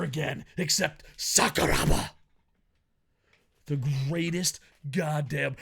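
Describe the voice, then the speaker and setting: A man reviewing a wrestling event in a casual, profane rant, joking at his own expense and often breaking into yells. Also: on the high side, slow, gravelly. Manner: profane, ranting, bursts into yelling; jokey, laughs at own rants.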